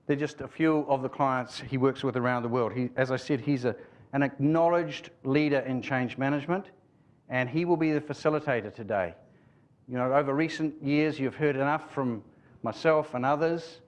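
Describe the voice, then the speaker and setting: A man opening a conference and formally introducing the guest speaker. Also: medium pitch. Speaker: conference host.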